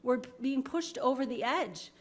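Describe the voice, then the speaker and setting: Her voice sits high and moves at a moderate pace as she addresses the town board from a podium microphone. The woman, a New York resident, is emotional, apologetic and insistent all at once.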